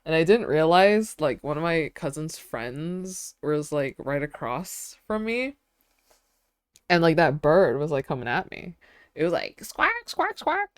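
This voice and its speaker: A young woman streamer talks casually into a close mic. She rambles through stories packed with fillers and giggles. Her voice sits a little low, and the sound is dry and close. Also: animated, unhurried, darkish tone, clear, resonant tone, dry recording. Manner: rambling, filler-heavy storytelling with frequent giggles.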